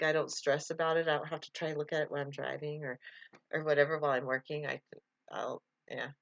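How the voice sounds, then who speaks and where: A woman hosts a casual live stream, chatting freely, laughing easily and reading out viewer comments. Her voice sits on the low side. The sound is dry and a little dull, with no room echo. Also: fairly bright tone.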